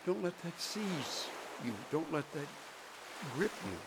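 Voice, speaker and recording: A male pastor preaching at a slow, unhurried pace, with a voice pitched a bit above the usual. He leans on long, deliberate pauses and hits the key words with emphasis. The sermon recording is laid under the clear sound of ocean waves and a running stream. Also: animated, noisy background.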